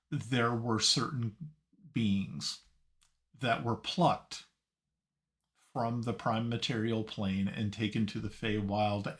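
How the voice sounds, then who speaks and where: A man narrating a tabletop game as game master, halting and searching for his words. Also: on the low side, fairly bright tone.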